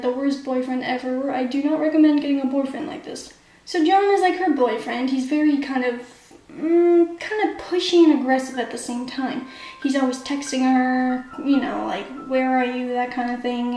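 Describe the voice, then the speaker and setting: High-voiced woman chatting through a plot recap. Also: mellow. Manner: chatty, constant "like" and "kinda" fillers. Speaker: amateur writer summarizing her own story. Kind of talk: casual spoken plot recap. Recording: echoey room with faint background music.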